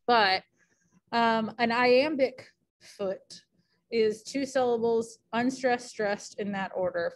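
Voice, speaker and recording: A woman teacher giving a casual recorded lecture, chatty and thinking aloud with many fillers. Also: a little high.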